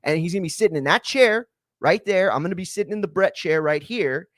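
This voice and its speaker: Profane ranting man, fairly high voice. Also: animated, fast, a bit bright, dry recording, clean studio sound. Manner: profane, ranting, many fillers. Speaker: podcast host. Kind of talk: casual chat.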